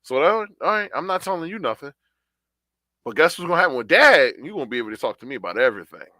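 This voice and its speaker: A man's voice: on the high side, big pitch swings, fast, pushed and bright, no room sound. A man co-hosting a podcast, talking in a laid-back, slangy, conversational way. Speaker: podcast co-host.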